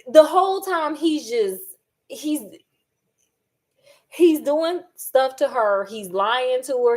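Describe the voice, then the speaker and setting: High-pitched woman cooking and chatting on camera, sassy, acts out what people said. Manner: animated and sassy, acts out quotes. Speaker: vlogger. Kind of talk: casual chat while cooking.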